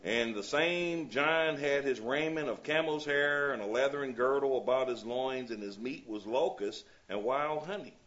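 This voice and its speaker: A man's voice: medium pitch, unhurried, few pauses, fairly bright tone, dull audio. A man leading a Bible study class. He reads scripture aloud and often checks in with his listeners, asking "you see?".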